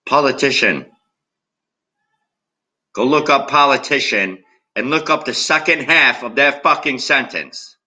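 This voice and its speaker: A political video blogger with a medium-pitched, bright, forceful voice rants angrily to camera on a rough recording, speaking a little slowly and pausing often. Agitated and heavily profane, he addresses viewers directly.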